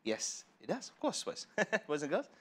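Man, children's TV teacher, high-ish lively voice, playful and chatty, laughs a lot. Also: moderate pace. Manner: animated, playful, laughing often, asks rhetorical questions. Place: studio.

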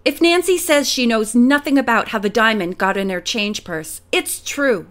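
A woman's voice: a little high, expressive, normal speed, lightly acted. A woman reading the part of a loyal teenage girl firmly defending a friend in an audiobook. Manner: firm, defensive.

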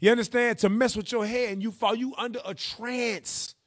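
Animated preacher, high voice, playful. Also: male voice, moderate pace. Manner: animated, playful, calls on readers with "go ahead". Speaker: teacher leading a Bible class. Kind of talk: lively preaching with a call-and-response.

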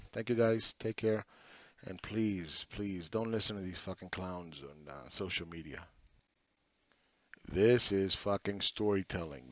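A middle-aged man with a lowish voice gives casual chart commentary that's blunt, profane and mocking. He's a market commentator, heard with dull lo-fi sound and no room sound.

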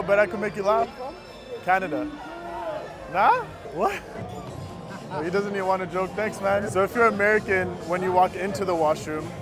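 A young man vlogging on a city street, telling dad jokes to strangers in a nervous, eager, rapid-fire way. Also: high-pitched. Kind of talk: street comedy vlog. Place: outdoors on a busy city street. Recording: noisy street with crowd and music. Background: crowd chatter and music.

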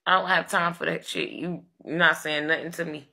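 A woman's voice: sits low, fairly even intonation, moderate pace, gravelly, bright, forceful tone. A woman ranting on a live stream, brash and profane, taunting viewers and ordering her moderators around on a phone mic.

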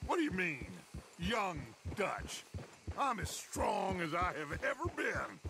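A charismatic outlaw gang leader for a western video game, speaking in grand, persuasive phrases. His delivery is slow and swings widely up and down in pitch. Loud outdoor ambience fills the game audio behind him. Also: sing-song, noisy background, heavily acted. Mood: scheming.

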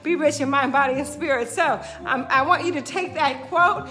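A woman fitness instructor speaks in a very high, sharp and bright voice. She hosts a live-stream pep talk, repeats her key phrases and calls out viewers by name. Faint music plays in the background. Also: moderate pace. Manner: upbeat and emphatic, tags lines with "right?", repeats phrases.

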